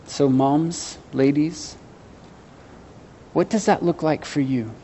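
A man's voice: a little high, slow pace, mellow, slight background noise. A man preaching a sermon, earnestly putting questions to his congregation with some self-deprecating humor. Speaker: pastor.

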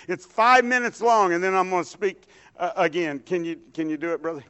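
A man with a Texan accent preaching and telling his story in a folksy, unhurried way. His voice sits high for a man. It has a bright, forceful edge, and he keeps tossing in an amen. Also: clear, resonant tone. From Texas, USA. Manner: folksy storytelling, drawn-out phrases, frequent amens. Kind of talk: sermon with personal testimony.

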